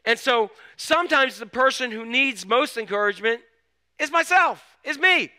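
A man's voice: extremely high pitch, animated, normal speed, sharp tone, smooth. A male pastor giving a casual, storytelling sermon with frequent restarts. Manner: conversational, storytelling, full of restarts.

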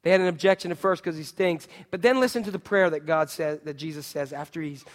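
Male pastor, sermon delivery, dynamic loud-to-hushed, high pitch, long reverb. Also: fast. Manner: dynamic preaching, swinging from loud emphatic to hushed.

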